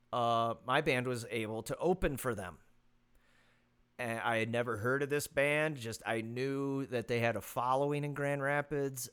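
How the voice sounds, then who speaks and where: A man hosts a loose, rambling solo podcast, sprinkling in swearing. His voice is smooth and clear at a middling pitch. He records on a phone. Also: fairly bright tone. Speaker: podcast host. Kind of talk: casual solo podcast monologue. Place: rural property.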